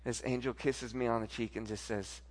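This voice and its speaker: A man preaching a sermon and telling an emotional personal story, moving between loud outbursts and hushed, tearful passages. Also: medium pitch, flat delivery, brisk, long reverb tail. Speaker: pastor.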